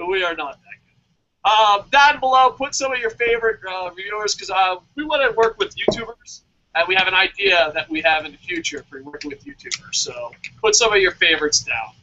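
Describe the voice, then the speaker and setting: A man with a very high, bright, sharp voice that swings widely as he talks. He chats on a podcast, excitable and profane, breaking into mock-dramatic rants. The audio is dull and lo-fi. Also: a little fast, slight background noise. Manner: excitable, swears a lot, mock-dramatic outbursts. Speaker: podcast co-host. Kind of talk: casual podcast chat.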